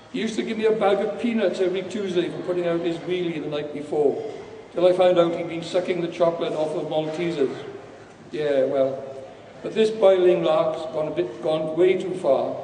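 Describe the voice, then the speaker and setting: A man reading a comic story aloud to a room, wry and dry with the odd burst of temper. His voice sits slightly high but sounds mellow and dark. It is picked up from a distance in a large hall, with long reverb and faint background ambience. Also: moderate pace, a little hiss or hum. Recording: echoey hall from far off.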